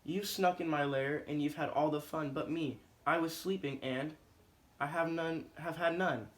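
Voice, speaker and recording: Here is a grumbly storybook bear, woken and sulking about missing the fun, as a man reading aloud puts him on. The voice sits a touch high for a bear and has a faint hiss behind it. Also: fairly even intonation, moderate pace, close to an everyday voice. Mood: grumbling. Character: sleepy grumpy male bear.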